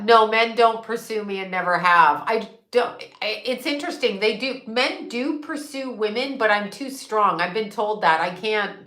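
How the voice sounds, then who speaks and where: A woman's voice: medium pitch, a bit bright, roomy sound. A woman in her sixties hosting a casual livestream, reading viewer comments and chatting candidly, swearing freely and laughing often. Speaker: psychic and astrologer livestream host.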